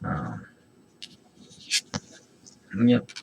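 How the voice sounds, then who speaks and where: A man's voice: drawn-out words, phone-quality sound. A man with an itchy throat hosting a casual card-opening video. He reads card text aloud and rambles through asides. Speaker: host.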